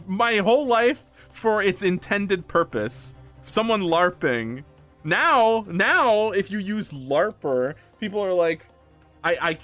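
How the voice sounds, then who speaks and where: Animated young male streamer. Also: high voice. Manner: animated, laughs often, breaks into loud outbursts. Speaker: streamer playing a game. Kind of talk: casual live-stream chat, reading game lines aloud.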